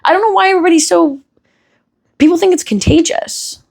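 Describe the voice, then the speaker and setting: A young woman hosting a podcast, telling a story in a casual, animated way, swearing freely and laughing often. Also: very high voice, brisk, gravelly. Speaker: podcast host.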